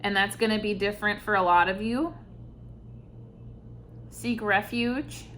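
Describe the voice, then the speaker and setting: A woman giving an intuitive tarot reading, speaking softly and reflectively, with sighs and pauses between thoughts. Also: medium pitch, fairly even intonation, a little hiss or hum. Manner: slow, soft-spoken, reflective, with sighs and pauses. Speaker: tarot reader.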